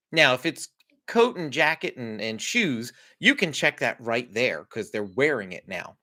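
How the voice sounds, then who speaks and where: A man giving a conversational parenting lesson, explaining steps in a relaxed, chatty way with frequent small laughs. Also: medium pitch, normal speed. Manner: lively, conversational, laughs often. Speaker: parenting coach. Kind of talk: instructional talk to parents.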